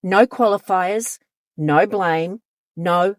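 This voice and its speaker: Brief: woman counsellor host, lowish voice, unhurried emphatic delivery, dry close sound. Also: no echo. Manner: direct, emphatic, acts out quoted lines. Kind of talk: advice monologue to camera.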